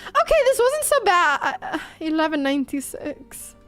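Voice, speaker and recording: Giggly woman chess streamer, very high voice. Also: very animated, normal speed, a bit bright, faint music behind. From Sweden. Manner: giggly and self-mocking, laughs often. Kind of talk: casual commentary over online games.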